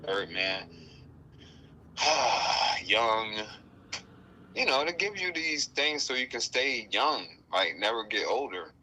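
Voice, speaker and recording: A man giving a casual spiritual talk, playful and animated, often acting out other people's voices. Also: medium pitch, slow pace, long pauses, slight background noise, low-quality recording. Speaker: guest speaker.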